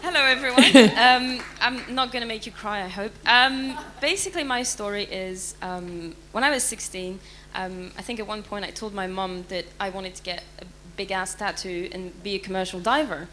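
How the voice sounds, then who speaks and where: A woman beginning her story on a discussion panel, soft-spoken and hesitant. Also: mid-range voice, normal speed, hardly any pauses, slight background noise, poor audio.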